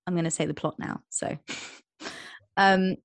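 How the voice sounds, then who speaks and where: A young woman co-hosting a podcast in casual chat, retelling plots with quick quoted voices. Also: fairly low pitch, steady tone, no echo. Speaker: podcast co-host.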